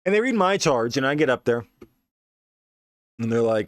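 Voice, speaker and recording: A man's voice: mid-range voice, sing-song, normal speed, no echo, studio quality. A man telling a story in a casual, rambling, profane way, often saying "you know what I mean". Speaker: podcast host.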